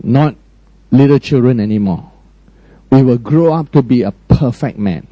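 A man preaching a sermon emphatically, often questioning his listeners and swinging between high, raised lines and low, quiet ones. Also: moderate pace, no echo, lo-fi sound. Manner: frequent direct questions to the congregation.

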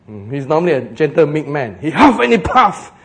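Animated male preacher with a Singaporean English accent, fairly high voice, jokey sermon delivery. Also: creaky. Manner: animated, joking, slows for emphasis.

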